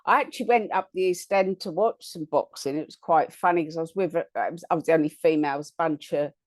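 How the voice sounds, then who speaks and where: A woman's voice: low-pitched, fast talker, no room sound. A woman hosting an interview in casual chat, telling anecdotes and asking eager questions. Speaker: host.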